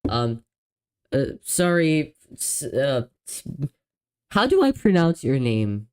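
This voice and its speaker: A man hosting a live stream in casual chat, excitable and apologetic, often stumbling over his words and laughing. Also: mid-range voice, slow, smooth, low-quality recording. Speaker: livestream host.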